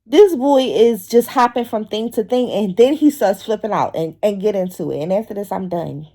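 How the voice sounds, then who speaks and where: A woman vlogger telling a funny story casually, animated and swearing, acting out voices as she goes. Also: mid-range voice, normal speed. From Philadelphia. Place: outdoors in public.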